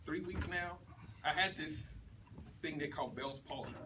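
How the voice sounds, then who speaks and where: A man giving an animated testimonial to a responsive group. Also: on the high side, unhurried. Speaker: testimonial speaker. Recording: distant mic with background noise.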